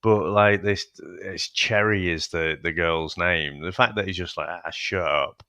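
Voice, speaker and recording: A man who is a parent co-hosting a casual film-review podcast, musing out loud with hesitant asides and laughs. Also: deep voice, measured pace, smooth, dry recording. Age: adult, a parent. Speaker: podcast co-host.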